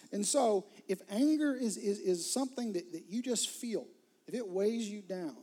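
A man's voice: high voice, mellow, husky. A man preaching a sermon as pastor, earnest, repeating words and sometimes dropping to a near whisper.

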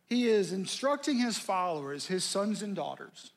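A middle-aged male pastor preaching a conversational, dramatic sermon, dropping from loud to near-whisper. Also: high voice, big pitch swings, normal speed, creaky.

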